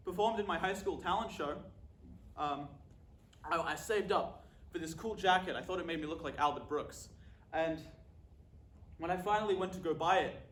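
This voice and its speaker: Deadpan man in an echoey room. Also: a little high. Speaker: comic monologue performer. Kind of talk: scripted comic monologue.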